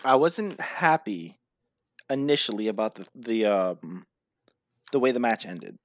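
A man's voice: on the low side, expressive, unhurried, no room sound. Hesitant man in a dry, close recording. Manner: hesitant, with many ums and uhs. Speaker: wrestling podcast co-host. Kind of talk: casual chat about a wrestling match.

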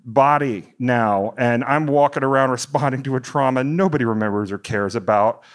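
A middle-aged man from the United States telling a long stand-up story, rambling and animated, his voice climbing high when he gets worked up. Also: normal speed. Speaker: stand-up comedian.

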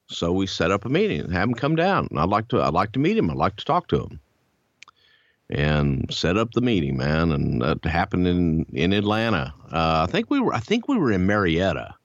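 Animated, low-voiced man telling stories. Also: fairly quick, dry recording. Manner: animated, profane storyteller acting out quotes. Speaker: podcast host. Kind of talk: casual storytelling. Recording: dull lo-fi dry sound.

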